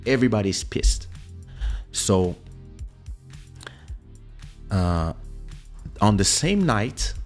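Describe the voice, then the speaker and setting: A man hosting his own show, telling a personal story in an animated way and acting out the voices of other people. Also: lowish voice, extremely slow, long pauses, faint music behind. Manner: animated, acts out quoted voices. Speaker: host. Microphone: studio podcast mic.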